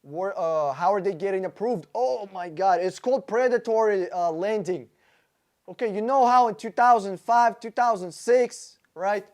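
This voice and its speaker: A man's voice: sits high, moderate pace, a little mellow. Man, live-stream host, casual Q&A, blunt, profane, joking, talks to viewers by name. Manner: talks to viewers by name, with frequent fillers and restarts. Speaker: livestream host answering chat questions about cars.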